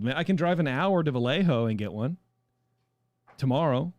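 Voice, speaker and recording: A man's voice: on the high side, normal speed, no echo. A man hosting a casual podcast chat, rambling and self-deprecating, who has a cold. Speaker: podcast host.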